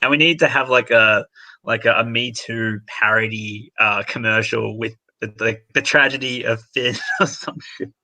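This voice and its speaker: A man's voice: medium pitch, steady tone, normal speed, sharp tone. A man as a guest in a casual chat, joking and a bit scattered.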